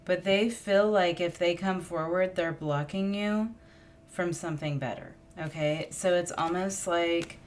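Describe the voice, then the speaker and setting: Give me a deep-voiced woman reading tarot, thinking aloud and emotional, over clear background noise. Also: a little slow. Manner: musing, emotional, thinks aloud while drawing cards. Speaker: tarot reader. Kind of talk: casual tarot reading monologue.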